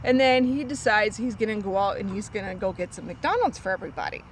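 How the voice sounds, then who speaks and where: A woman telling a story from her cleaning job in casual talk, acting out a little girl's lines in a high voice. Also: fast, rough recording. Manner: animated, acts out a child's lines in a high voice. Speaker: storyteller guest on a vlog. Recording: faint street noise.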